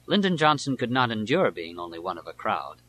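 A man reading nonfiction aloud as an audiobook narrator, in a measured, deliberate way. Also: fairly low pitch, very animated, bright, forceful tone, rough recording.

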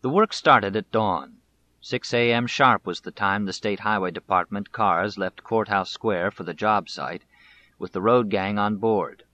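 A biography is read aloud by a male audiobook narrator whose delivery is deliberate and measured. He has a bright, forceful tone at a somewhat low pitch, captured in a muffled, lo-fi recording.

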